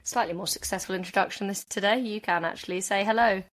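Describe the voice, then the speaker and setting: A woman's voice: mid-range voice, fast. A woman co-hosting a podcast, upbeat and teasing in casual chat. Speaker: podcast co-host.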